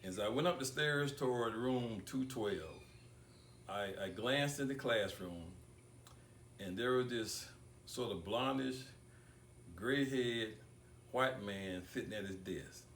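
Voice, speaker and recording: An older man giving a tribute speech at an awards ceremony, talking deliberately with repeated words and long pauses. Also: mid-range voice, fairly bright tone, slight background noise. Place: banquet hall. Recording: echoey room picked up from far off.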